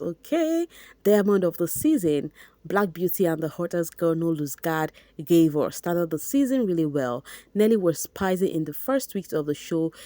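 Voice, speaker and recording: A young Nigerian woman with a Nigerian accent, reading out and reacting to a reality show gossip post, laughing often in an animated, mocking way. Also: lowish voice, dry recording. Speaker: gossip vlogger.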